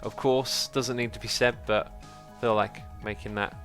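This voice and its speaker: A man chats calmly on a livestream in a forceful, bright voice and thanks his viewers at length. His pitch sits in the middle of the male range. Faint music plays underneath. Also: measured pace. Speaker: livestream host reading chat. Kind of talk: casual livestream chat.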